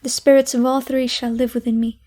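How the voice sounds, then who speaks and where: A woman's voice: fairly high pitch, level tone, brisk, warm tone, lightly acted. A woman voicing an overjoyed, repentant old miser in an audiobook, talking in fervent, breathless exclamations. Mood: pleading. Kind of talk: audiobook character reading.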